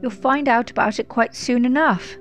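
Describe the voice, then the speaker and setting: Impatient old lawyer voiced by a woman, curt and snappish, slightly high. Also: moderate pace, muffled recording, soft background music, natural voice. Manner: snappish, brusque, clipped.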